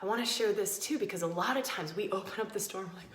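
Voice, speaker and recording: A woman's voice: mid-range voice, fast talker, roomy sound. A woman hosting a podcast, giving a passionate, emphatic spiritual teaching talk and repeating phrases for emphasis. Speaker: podcast host.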